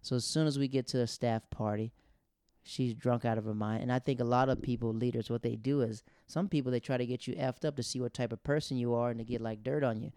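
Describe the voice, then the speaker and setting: A man tells stories in a loose, chatty comedic way, with plenty of "like" fillers. His voice is gravelly and sits mid-pitched for a man. It is recorded dry, with no room sound. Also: steady tone, quick pace, a little mellow, dry recording. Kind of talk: casual comedic storytelling.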